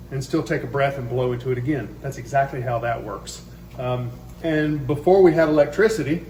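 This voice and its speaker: Middle-aged male organist, patient teacher, slightly high voice, echoey chapel. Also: a little mellow, slight background noise. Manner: patient, step-by-step explaining. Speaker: church organist. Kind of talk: explanatory demonstration. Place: small church chapel by the organ.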